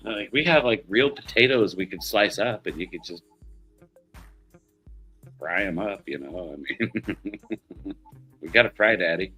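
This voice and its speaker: Middle-aged male streamer, low-pitched, profane, easygoing storyteller, faint music underneath. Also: measured pace, long pauses, pushed and bright, slightly rough. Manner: profane, rambling storyteller who laughs often. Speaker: livestream host. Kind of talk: casual chat.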